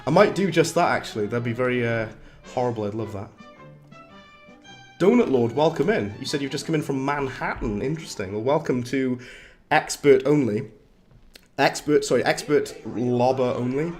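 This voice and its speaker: A man with a slightly hoarse voice, chatting casually while livestreaming a game, reading chat aloud and laughing often. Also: mid-range voice, normal speed, a little mellow, faint music behind. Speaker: livestreaming gamer. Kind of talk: casual live-stream commentary.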